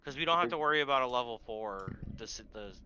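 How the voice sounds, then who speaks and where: Lively, sharp-voiced male player, easygoing. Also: medium pitch, fast talker, clean tone, lo-fi sound. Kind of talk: casual chat during a tabletop game.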